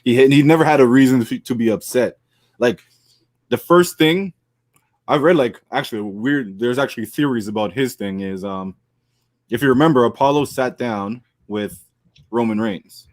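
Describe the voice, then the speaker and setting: A man's voice: medium pitch, moderate pace, no echo, studio quality. A man co-hosting a casual wrestling podcast, chatty and joking as he talks through the week's matches. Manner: joking, chatty, drops into put-on accents. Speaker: podcast co-host.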